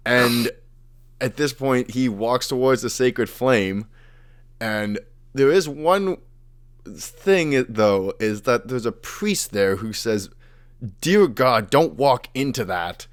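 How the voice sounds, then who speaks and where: A man's voice: medium pitch, lively intonation, slow, clear, resonant tone. A young man casually retelling fantasy lore as a podcast host, acting out the characters' lines as he goes.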